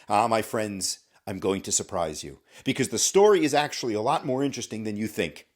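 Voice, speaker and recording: A male podcast host with a mid-range voice tells a story in a scripted, dramatic style, speaking very animatedly and briskly. He addresses the listener directly throughout.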